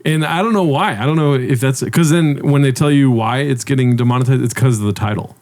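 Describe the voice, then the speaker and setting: A laid-back man from California, co-hosting a podcast, who talks in an easy, rambling way. His sentences are full of "you know" and "dude," and his voice stays at an average mid pitch. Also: fairly quick, a little mellow. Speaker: podcast co-host. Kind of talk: casual podcast chat.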